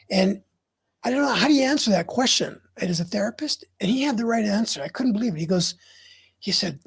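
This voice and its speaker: A man's voice: high-pitched, lively intonation, a little fast, gravelly, slightly rough. A middle-aged man as an interview guest, telling his story in a frank, earnest way. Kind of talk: candid interview talk.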